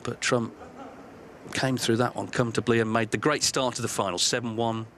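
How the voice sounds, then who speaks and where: A lead commentator calls the action in a smooth, polished broadcast style. He has a mid-range man's voice. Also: medium pitch, level tone, moderate pace, a bit bright. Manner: polished, narrating the match flow. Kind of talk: live sports commentary.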